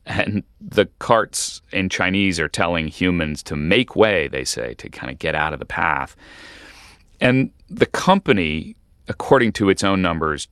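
Brief: very low-voiced male journalist, measured explainer, dry studio sound. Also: a bit bright, clear, resonant tone, dry recording. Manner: measured, explanatory, with occasional restarts. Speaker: journalist, interview guest. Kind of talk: radio interview.

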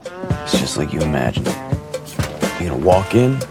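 An actor playing a calm criminal coaching his partner through a robbery, in a film clip. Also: rumbling low, normal speed, loud music behind the voice.

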